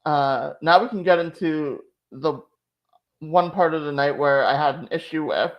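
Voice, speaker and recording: A woman's voice: low voice, a little slow, highs cut off. A woman hosting a channel, chatting casually and emotionally, full of "like" fillers. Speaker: channel host. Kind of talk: casual chat recap.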